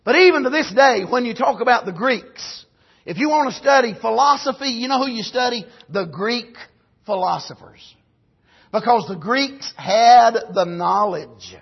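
Male preacher, very high and breathy, emphatic amen-punctuated sermon, muffled lo-fi church tape. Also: expressive, moderate pace. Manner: emphatic, swings between shouting and low asides, punctuates with amen. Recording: dull lo-fi recording.

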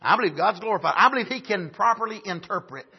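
Male camp-meeting preacher, raspy, rising to shouts. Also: sits high, expressive, fast talker, lo-fi sound. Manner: frequent "amen", builds to shouts. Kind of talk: sermon.

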